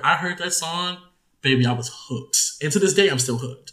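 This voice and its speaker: Animated young man, echoey room. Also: fairly high pitch, normal speed. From Detroit. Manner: animated storyteller, swears freely. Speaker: podcast co-host. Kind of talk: casual chat.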